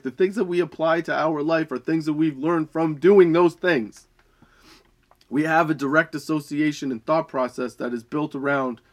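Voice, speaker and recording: A man's voice: a little high, fairly bright tone. Laughing, swearing man on a casual rant. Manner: laughs a lot, swears, rants. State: high. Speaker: podcast host.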